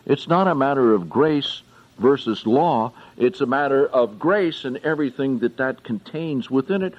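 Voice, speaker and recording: Slow, emphatic preacher man. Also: mid-range voice, muffled recording. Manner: slow, deliberate, with emphatic swells. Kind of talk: expository sermon.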